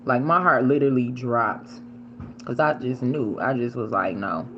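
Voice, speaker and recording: A woman casually telling a story while she eats on camera, animated and swearing freely, sometimes shrieking the words she yelled. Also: a bass voice, moderate pace, muffled recording, background noise. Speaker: vlogger.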